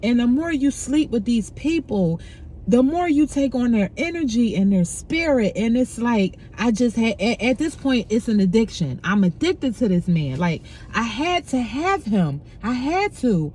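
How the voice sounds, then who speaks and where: Middle-aged woman spilling her story, raw and emotional, kinda high voice, low hiss behind her. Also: sing-song, a little slow, mellow. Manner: emotional, frank, conversational with profanity. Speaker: storyteller sharing personal experience. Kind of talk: candid personal confession.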